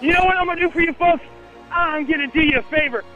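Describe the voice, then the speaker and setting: A man playing a menacing horror-park killer who taunts the visitors with high, shrill cackling calls. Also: fast talker, narrow, tinny audio, faint music behind. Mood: menacing glee.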